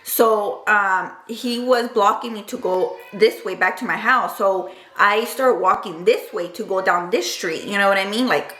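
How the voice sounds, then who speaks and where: A woman's voice: mid-range voice, unhurried, hardly any pauses, bright, forceful tone. A young woman casually telling a personal story to camera, chatty and emotional, full of "like" and "dude". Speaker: vlogger. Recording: roomy echo.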